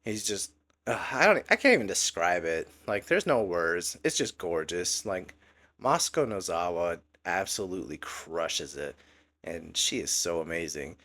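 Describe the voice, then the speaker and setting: A man giving a casual, excited breakdown of an anime episode, recapping scenes and acting out quotes with many fillers. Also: sits low, moderate pace, dry recording. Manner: excited recap with lots of likes and quoted voices. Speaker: anime reviewer.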